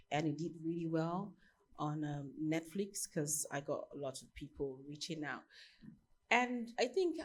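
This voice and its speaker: A woman from Nigeria, in her thirties, speaking on a panel about her costume design work. Her voice sits low for a woman, and she tells her stories in an animated way, laughing often. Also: husky. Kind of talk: panel discussion answer.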